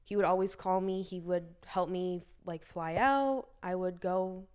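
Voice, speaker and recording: A young woman in her early twenties chats as a podcast guest. Her voice sits a bit low and stays smooth and clean. She tells stories in a loose, filler-heavy way and acts out the dialogue. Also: measured pace, darkish tone. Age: early 20s. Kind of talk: casual storytelling.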